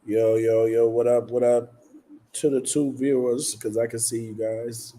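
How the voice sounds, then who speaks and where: Male streamer, laid-back pace, warm low tone, jokey greetings. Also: flat delivery, a little slow. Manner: playful, drops into a mock English accent for greetings. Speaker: livestream host. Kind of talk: casual livestream chat greeting viewers.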